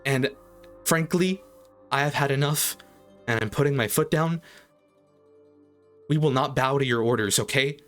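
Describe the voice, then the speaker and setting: A man's voice: medium pitch, a little slow, pauses often, fairly bright tone, faint music behind, natural voice. A man voicing a polite, prim woman botanist who turns stern and defensive. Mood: stern refusal.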